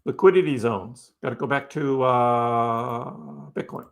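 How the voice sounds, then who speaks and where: His voice is mid-range with fairly even intonation and an unhurried delivery. As host of an easygoing crypto livestream, he chats repetitively, keeps tagging lines with "right?", and talks back to the chat.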